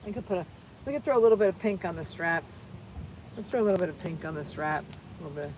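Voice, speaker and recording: A woman's voice: fairly low pitch, animated, fast talker, darkish tone, slight background noise, rough recording. A woman hosting a live crafting session, chatting cheerfully to viewers as she works and often repeating herself. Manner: cheerful, rambling, repeats phrases, talks to viewers while working.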